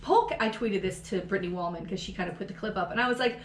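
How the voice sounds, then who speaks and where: A woman co-hosting a podcast, talking in a brash, excitable, heavily profane way in casual political chat. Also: mid-range voice, quick pace. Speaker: podcast co-host. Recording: roomy echo.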